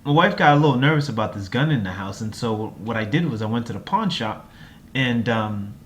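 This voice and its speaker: A man's voice: medium pitch, animated, fairly quick, lightly acted. A sheepish young newlywed son owns up to his father, voiced by a man telling the story. The voice sits close to a man's everyday talk, and the delivery is apologetic.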